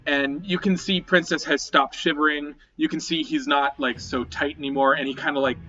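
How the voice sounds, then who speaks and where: A man's voice: on the high side, fairly even intonation, moderate pace, pushed and bright, lo-fi sound. A man narrating as game master of a tabletop game, describing scenes loosely with many fillers and restarts.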